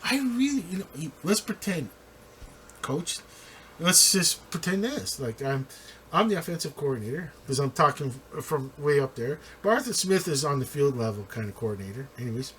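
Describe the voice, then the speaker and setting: A man breaks down a football game in loose, rambling talk, his pitch leaping high and dropping low as he goes. He restarts his sentences constantly and laughs along the way. A faint hum of room ambience sits behind him. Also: lively intonation, moderate pace, fairly bright tone. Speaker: football commentator. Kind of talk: casual sports commentary.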